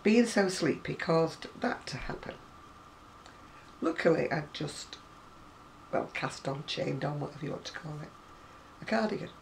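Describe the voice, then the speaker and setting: A woman's voice: sits low, animated, measured pace, vocal fry, pauses often, slight background noise. A middle-aged woman, chatting to camera in a rambling, storytelling way with ranting asides. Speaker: crafting vlogger. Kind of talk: casual chat to camera.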